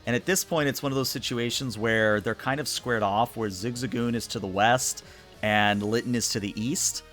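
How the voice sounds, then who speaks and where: A man narrating a tabletop game as game master in a relaxed, rambling way with many fillers. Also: medium pitch, normal speed, soft background music.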